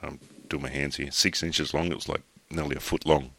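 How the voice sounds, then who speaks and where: Very deep-voiced Australian man telling a story. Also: fairly even intonation, vocal fry, sharp tone, dry recording. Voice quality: rambling, talks in halting restarts, swears casually. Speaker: podcast host. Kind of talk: casual chat, storytelling.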